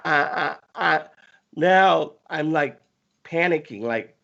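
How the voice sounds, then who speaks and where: A man telling a long story in casual talk, animated and often stammering as he restarts his sentences. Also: fairly high pitch, takes it slowly, vocal fry, highs cut off.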